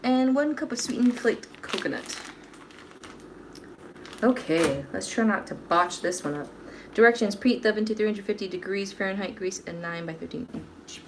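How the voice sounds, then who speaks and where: A woman's voice: mid-range voice, moderate pace, background noise. A young woman hosting a baking livestream from her home kitchen, chatting casually, joking at her own expense and answering viewers' comments. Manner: chatty, self-deprecating, reads viewer comments aloud.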